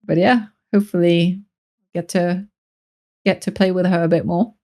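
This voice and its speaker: A woman's voice: lowish voice, steady tone, moderate pace, warm tone. A woman chatting as a guest on a gaming podcast, hesitant with many fillers, laughing often. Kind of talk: casual podcast chat.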